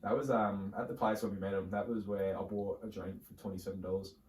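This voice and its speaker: A man's voice: lowish voice, steady tone, quick pace, darkish tone. A young Australian man co-hosting a podcast, telling long rambling stories in casual chat, full of fillers and restarts. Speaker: podcast co-host. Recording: roomy, distant mic.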